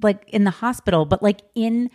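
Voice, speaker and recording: A woman's voice: mid-range voice, dark tone, dry recording, studio quality. A woman hosting a casual podcast book discussion, chatty and emphatic. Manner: chatty, emphatic, fast bursts with stretched words. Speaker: podcast host.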